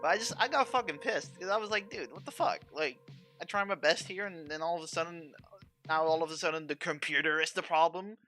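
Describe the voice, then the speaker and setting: A man's voice: a little high, a little fast, bright, forceful tone, soft background music. A young man streaming games at home, ranting to his chat in a restless, profane way and often trailing off to restart. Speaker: game streamer.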